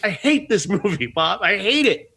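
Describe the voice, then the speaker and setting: A man on a movie podcast rants about a film with plenty of swearing and laughter. His voice is bright and fairly high, and his pitch jumps around a lot as he gets worked up. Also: very animated, moderate pace, husky. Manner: ranting, swearing, laughing often. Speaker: podcast co-host. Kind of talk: casual movie review chat.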